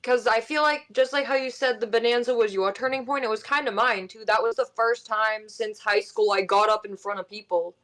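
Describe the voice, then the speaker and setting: A woman in casual podcast chat, speaking earnestly and haltingly. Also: a little high, fairly even intonation, fairly bright tone.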